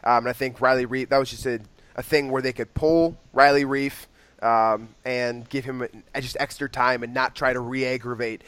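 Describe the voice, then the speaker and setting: A young man talks football on a casual podcast, opinionated but hedging with fillers. His voice is mid-pitched and recorded dry and close. He speaks plainly, straight to his co-host. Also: fairly even intonation, normal speed, a bit bright, clear, resonant tone, no echo. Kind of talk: casual sports podcast chat.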